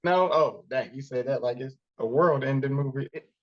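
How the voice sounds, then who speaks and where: A man's voice: mid-range voice, normal speed, muffled recording. A man co-hosting a podcast, chatting casually and playfully, often laughing. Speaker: podcast co-host. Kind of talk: casual chat.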